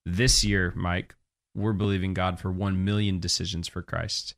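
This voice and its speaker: A man, a guest evangelist, talking in a relaxed, casual way with the odd chuckle. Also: deep voice, moderate pace, gravelly. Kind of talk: casual conversation.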